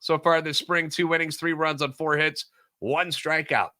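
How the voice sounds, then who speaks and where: Sarcastic, bright-voiced male podcast host. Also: a little high, moderate pace. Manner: sarcastic, animated ranting. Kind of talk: solo sports podcast commentary.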